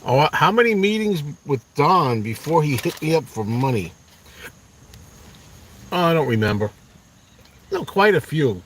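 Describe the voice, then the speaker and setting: A man's voice: a little high, big pitch swings, unhurried, long pauses, a little hiss or hum. Rambling man chatting from his car. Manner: rambling, talks to himself and viewers. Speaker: vlogger. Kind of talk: casual chat. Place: inside a car.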